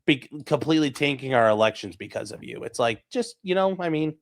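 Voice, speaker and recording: A man co-hosting a casual political podcast talks animatedly, swearing and mimicking people in mocking voices. His voice is medium-pitched with lively intonation, a brisk pace, and some vocal fry.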